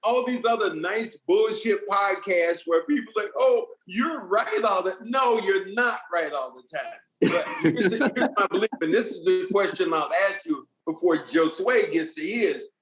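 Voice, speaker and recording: A man with a high voice who hosts a podcast in a playful mood. He teases and needles his guest in loose, casual chat. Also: expressive, unhurried, a bit bright, low-quality recording. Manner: teasing, playful, provoking. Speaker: podcast host.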